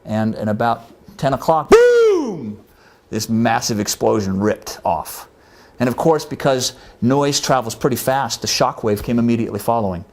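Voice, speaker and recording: A man's voice: medium pitch, normal speed, a little mellow. A man, a former military medic, earnestly telling a first-person war story in a conversational way. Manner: earnest, conversational, acts out quoted voices.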